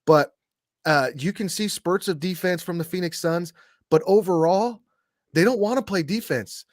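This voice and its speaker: Male co-host talking sports, rambling and repetitive, slightly high pitch, dry recording. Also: normal speed, no room sound. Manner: rambling, many restarts and repeats. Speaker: podcast co-host, middle school coach. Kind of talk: casual sports talk.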